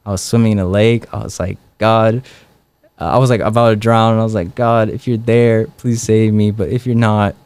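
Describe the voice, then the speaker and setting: Smooth-voiced young man telling stories. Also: on the low side, moderate pace, no room sound. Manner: relaxed, many fillers like "like" and "um". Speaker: guest. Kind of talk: casual storytelling interview.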